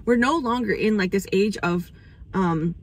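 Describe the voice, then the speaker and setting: Speaking at an unhurried pace in a mid-range voice, this young astrology channel host drifts through a laid-back spiritual monologue. She curses without hesitation and occasionally becomes emotional.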